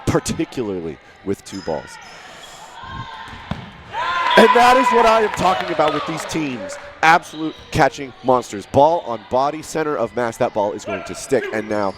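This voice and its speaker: A man giving live play-by-play commentary, rising to shouts at big plays. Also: medium pitch. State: out of breath.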